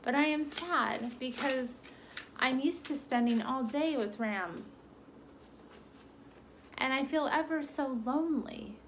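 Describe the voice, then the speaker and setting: A woman's voice: high-pitched, slow, long pauses, a bit bright, a little hiss or hum, voice pushed up, heavily acted. A woman voicing an eager, trusting little female dog who pleads in a raised, hopeful voice. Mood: earnest.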